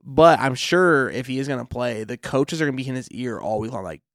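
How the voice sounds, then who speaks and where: A man co-hosting a fantasy football podcast, relaxed and agreeable, full of fillers like "I mean" and "like". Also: mid-range voice, fairly quick, dry recording, clean studio sound. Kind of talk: casual sports chat.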